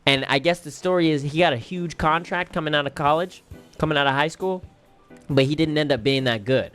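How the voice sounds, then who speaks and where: A man's voice: fairly high pitch, brisk, fairly bright tone, clean tone, soft background music. A man casually reviewing movies on a stream, rambling and repeating phrases with lots of fillers.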